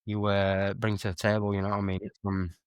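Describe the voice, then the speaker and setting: A man's voice: fairly low pitch, completely flat delivery, fairly quick, clear, resonant tone, no echo. A young man, chatting casually as a podcast guest and telling rambling, self-correcting stories. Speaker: guest streamer and musician.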